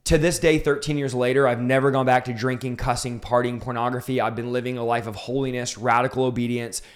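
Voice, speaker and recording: A man's voice: medium pitch, level tone, quick pace. A man in his thirties telling his conversion story in an interview, fervent and emphatic, building to intense peaks. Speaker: preacher telling his testimony.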